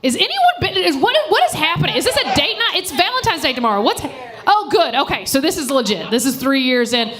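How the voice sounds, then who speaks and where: A woman's voice: sits high, big pitch swings, quick pace, few pauses, fairly bright tone. A woman comedian doing a live stand-up set on a stage mic, brash and profane, teasing people in the audience. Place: live comedy show venue.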